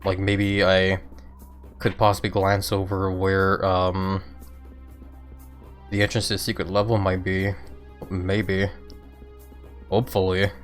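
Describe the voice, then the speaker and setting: A fairly low-voiced man streams a game and keeps up loose, chatty commentary, thinking out loud and laughing now and then. He has the hiccups. Faint game music plays underneath. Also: completely flat delivery, slow, long pauses. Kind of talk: casual gameplay commentary.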